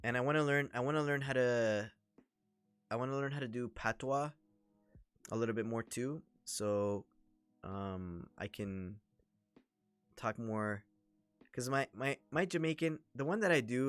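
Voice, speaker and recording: A man's voice: medium pitch, moderate pace, clear, resonant tone, dry recording, faint music behind. Chatty Toronto man commenting on a stream. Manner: chatty, excitable, reacts to the action. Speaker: livestream host. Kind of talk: casual watch-along commentary.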